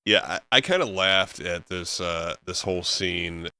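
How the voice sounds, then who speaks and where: A man's voice: low voice, a little slow, pushed and bright, clean tone. A man co-hosting a casual movie review podcast, laid-back and hesitant, swearing in his commentary. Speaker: podcast co-host.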